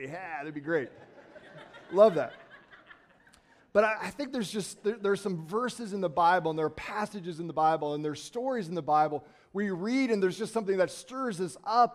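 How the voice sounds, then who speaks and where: A man with a fairly high voice preaches to his congregation in a church sanctuary. He talks like he is chatting with friends, tosses in quick asides and jumps into bursts of excitement. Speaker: pastor. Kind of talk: sermon.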